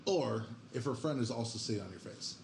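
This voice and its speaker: A man co-hosting a casual podcast, joking crudely and swearing freely in relaxed chat. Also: mid-range voice, fairly quick, vocal fry. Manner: profane, joking, laid-back. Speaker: podcast co-host. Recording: echoey room with loud background noise.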